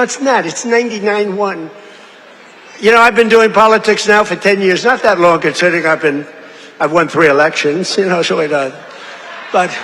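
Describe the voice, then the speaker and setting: A man's voice: sits high, pushed and bright. Rambling man speaking at a rally. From United States. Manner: repetitive, digressive, acts out quoted voices. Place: large rally venue. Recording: echoey amplified rally hall.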